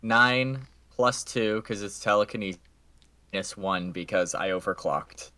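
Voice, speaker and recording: A man's voice: lowish voice, unhurried, sharp tone. A man playing a tabletop game over a call, jokey and upbeat, often stammering and restarting his words. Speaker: player.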